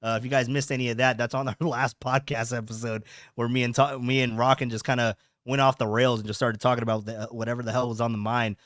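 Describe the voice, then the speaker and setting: A man's voice: mid-range voice, flat delivery, fast, a bit bright, dry recording. Young guy rambling on a podcast livestream, lots of restarts, dry close sound. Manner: rambling, repeats words, reads chat comments aloud. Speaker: podcast host. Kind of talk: casual livestream chat. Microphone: home streaming setup.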